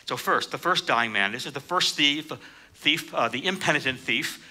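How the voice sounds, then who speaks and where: A man preaching a sermon, reading scripture and explaining it, lifting his voice sharply for quoted lines. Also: moderate pace. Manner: animated, raises pitch for quoted speakers.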